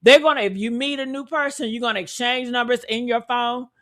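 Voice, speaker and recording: High-voiced fired-up woman commentator. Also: fairly even intonation, a little fast. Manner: blunt, fired-up, rhetorical questions. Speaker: commentary show host. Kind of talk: heated reaction commentary.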